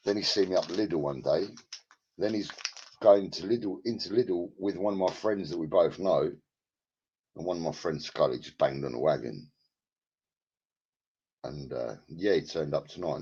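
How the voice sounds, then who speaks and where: Deep, a little mellow and breathy at the edges, a man rambles casually to his live-stream viewers from home on a headset, crude and swearing constantly as he greets and banters with people in chat by name. The recording is lo-fi and dull.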